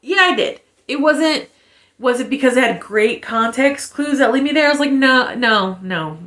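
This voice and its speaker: A woman's voice: high-pitched, normal speed, fairly bright tone. A woman in her thirties ranting casually in a book review, blunt and sarcastic, swearing freely with lots of fillers.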